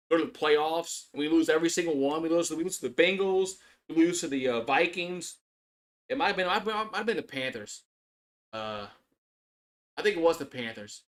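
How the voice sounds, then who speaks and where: A man with a somewhat high voice calls a game live in a loose, chatty play-by-play. He rambles and restarts his sentences, swears freely and works himself up as he talks. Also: fairly bright tone. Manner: rambling, repetitive restarts, swearing, gets worked up. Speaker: sports streamer doing live play-by-play. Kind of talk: casual live play-by-play and reaction.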